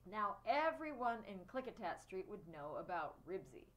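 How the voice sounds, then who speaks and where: A woman reading a children's chapter book aloud, expressive. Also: mid-range voice, moderate pace, few pauses, poor audio. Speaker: storyteller.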